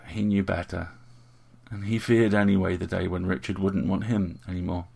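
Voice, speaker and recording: Low, gravelly male story narrator. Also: little pitch movement, moderate pace, darkish tone.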